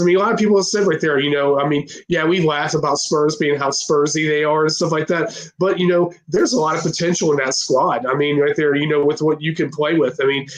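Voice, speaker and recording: A man talking football on a podcast, rambling with constant fillers like "right there" and "I mean". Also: a little high. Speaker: podcast co-host. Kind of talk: casual football chat.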